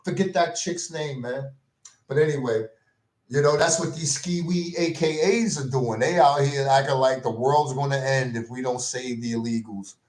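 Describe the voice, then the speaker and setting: A man's voice: medium pitch, normal speed. Slangy ranting man in an echoey room. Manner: slangy, repetitive, exasperated ranting with frequent "man" and "bro". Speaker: commentary vlogger. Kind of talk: casual rant.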